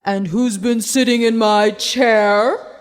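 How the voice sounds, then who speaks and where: A woman voicing an angry father bear who growls his questions loudly in a storybook reading. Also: a little high, fairly even intonation, slow, clean tone. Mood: gruff. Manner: growling, loud.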